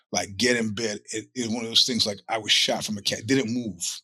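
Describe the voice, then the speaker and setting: A middle-aged man hosts his own show while sick with a cold. His voice is husky but bright and cutting. He tells rambling, profane stories in a dry, close recording. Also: lowish voice, fairly even intonation, normal speed, few pauses, no echo. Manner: rambling, profane storytelling with acted-out quotes. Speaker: podcast host. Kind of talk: casual monologue.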